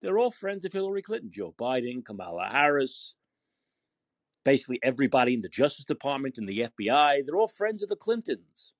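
A man hosts a call-in talk show with a husky, fairly high voice that swings widely in pitch. He rants with passion and keeps repeating phrases for emphasis. The sound is dry and close. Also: very animated, a little fast, no echo. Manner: impassioned, repetitive ranting. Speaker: podcast host.

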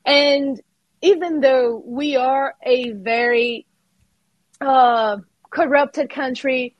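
A woman with a Brazilian accent talks as a podcast guest in a slightly high voice, recorded dry and close. She speaks with passion and emphasis, often starting her phrases again. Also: extremely slow, no echo, dull audio. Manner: passionate and emphatic, with many restarts. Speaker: guest, artist and actor. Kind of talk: casual podcast interview.

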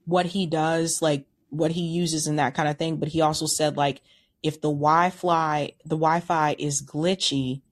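A woman hosting a podcast, talking in a loose, rambling way full of restarts and fillers. Her voice sits a little low for a woman. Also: fairly even intonation, measured pace. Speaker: podcast co-host. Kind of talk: casual chat.

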